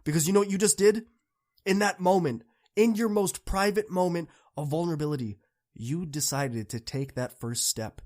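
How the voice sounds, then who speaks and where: An earnest young man speaks straight to students in a motivational pep talk. His voice sits a touch higher than most men's, and it moves between quiet, confiding stretches and fired-up appeals. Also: normal speed. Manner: earnest, encouraging, swings from soft to impassioned. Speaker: podcast host.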